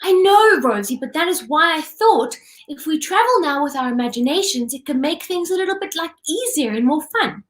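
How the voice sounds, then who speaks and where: A woman hosting a children's show, coaxing and a little hesitant. Her voice is high and lively, with plenty of rise and fall, and the room around her rings with echo. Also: normal speed. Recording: echoey room.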